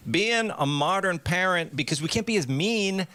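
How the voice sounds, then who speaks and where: A man's voice: sits high, expressive, moderate pace, heavy background noise. A man in his fifties telling family stories in a stand-up comedy routine, punchy and acting out voices. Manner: storytelling, punchy, acts out voices.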